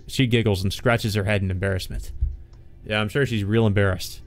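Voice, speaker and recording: A man's voice: lowish voice, fairly even intonation, a little fast. A man hosting a let's play, reading a visual novel aloud and breaking in with wry, joking asides.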